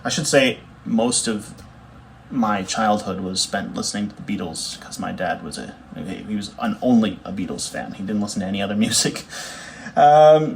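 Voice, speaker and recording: A man's voice: medium pitch, a little hiss or hum. Easygoing young man rambling. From Canada. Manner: rambling, easygoing, self-correcting with fillers. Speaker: bassist showing his record collection. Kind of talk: casual chat to camera.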